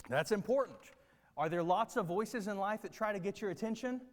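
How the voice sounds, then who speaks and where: A man leading a children's church group activity, giving upbeat, coaxing instructions and checking often that the kids understand. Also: high voice. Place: large room with a platform. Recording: long reverb of a big hall.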